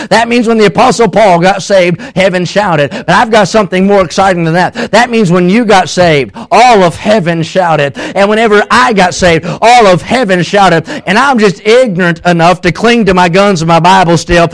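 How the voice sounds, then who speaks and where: A male preacher with a notably high-pitched voice. He preaches a sermon, climbing into shouts and then dropping to hushed, slow storytelling.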